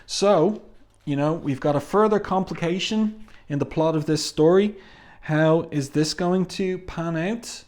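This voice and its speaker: A man's voice: fairly high pitch, a little slow, darkish tone. A man casually reviewing a comic book and reading passages aloud, with frequent "um" fillers. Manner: chatty, with "um" fillers.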